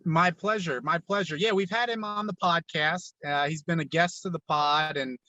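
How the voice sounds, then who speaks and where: Bright, high-voiced man on a podcast. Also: moderate pace, no echo, highs cut off. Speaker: podcast guest. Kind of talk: casual chat.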